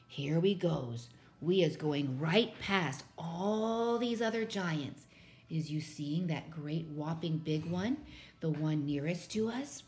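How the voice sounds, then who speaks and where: A woman voicing a big, gentle male giant who speaks slowly and softly with mangled grammar. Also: sits low, animated, a little hiss or hum. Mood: nervous hush. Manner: slow, soft and hushed.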